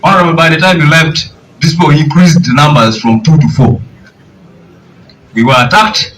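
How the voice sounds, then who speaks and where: Ugandan party official at a press brief, raised pitch, faint noise around. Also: male voice, expressive, normal speed, fairly bright tone, poor audio. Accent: Ugandan English. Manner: indignant, asks pointed questions.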